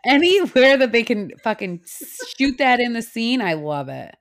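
A woman's voice: on the high side, big pitch swings, normal speed. A young woman co-hosting a casual podcast, chatty and blunt, swearing now and then. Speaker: podcast co-host. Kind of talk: casual chat.

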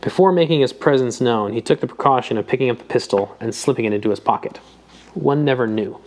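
A male audiobook narrator with a voice of ordinary pitch, reading literary prose at a steady, measured pace. His delivery stays even and composed throughout. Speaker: audiobook reader. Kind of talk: scripted narration.

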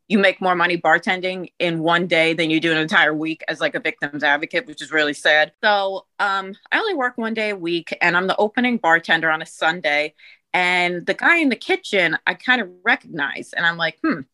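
A woman in her thirties with a New Jersey accent, telling a story on a podcast in a lively, profane way and acting out the quotes loudly. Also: fairly low pitch, no room sound, low-quality recording. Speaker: guest storyteller.

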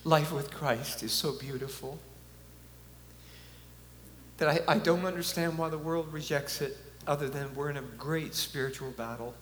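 A man's voice: fairly high pitch, steady tone, moderate pace, fairly bright tone. A man giving an earnest, conversational preaching talk with chuckles, at a conference in a large hall. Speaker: conference speaker. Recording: echoey hall, faint hum.

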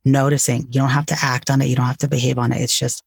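Gravelly, husky-voiced man talking candidly. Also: mid-range voice, level tone, quick pace, no room sound, clean studio sound. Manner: candid, earnest, casual with mild swearing. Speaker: podcast guest. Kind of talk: reflective conversation.

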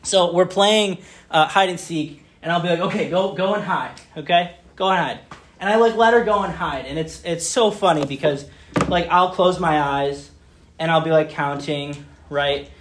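Guy in his 30s doing a fun church talk, says um and like a lot, gets loud and goofy acting stuff out, roomy echo. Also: a little high, normal speed, slight background noise. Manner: animated storytelling, loud excited acted asides; chatty, many fillers like "um" and "like". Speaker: speaker giving a children's message. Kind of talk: playful church talk with prayer.

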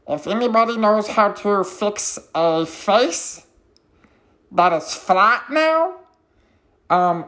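A man doing a dazed flat-faced guy. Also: high voice, voice pushed up. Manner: slow, mumbling, repeats himself.

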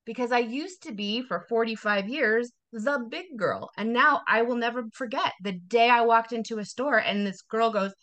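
A woman's voice: fairly high pitch, moderate pace, few pauses, sharp tone. A woman in her forties, a wellness coach talking as a guest in a casual podcast interview, emphatic and motivational, repeating phrases for effect. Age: 40s.

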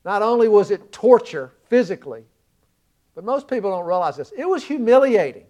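A high-pitched man from the American South delivers a sermon. He retells the story earnestly, leaning in and swelling to loud emphasis on key lines. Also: very animated, fairly quick. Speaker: preacher.

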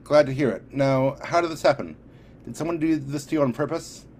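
Reading an audiobook, a man voices a determined young superheroine, scolding firmly with a raised pitch. His natural voice is brisk and darkish in tone.

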